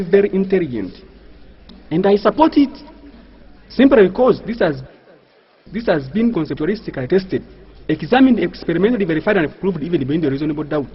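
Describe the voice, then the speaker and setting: Mock-pompous male stand-up comic. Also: high-pitched. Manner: mock-pompous, uses grand words for comic effect. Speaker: stand-up comedian. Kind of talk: stand-up comedy routine. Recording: dull lo-fi live recording. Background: audience laughter.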